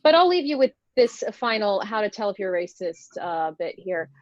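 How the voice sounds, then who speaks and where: A woman's voice: mid-range voice, big pitch swings, normal speed, dry recording, highs cut off. A woman performing a stand-up comedy set over a video call, telling wry stories with lots of fillers. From United States. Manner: wry, conversational storytelling with many fillers.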